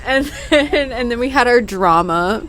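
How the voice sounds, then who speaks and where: A woman's voice: a little high, animated, measured pace, fairly bright tone, slight background noise, poor audio. Young woman guest, laughing and teasing. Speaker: podcast guest. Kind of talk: casual chat. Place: outdoors on a porch.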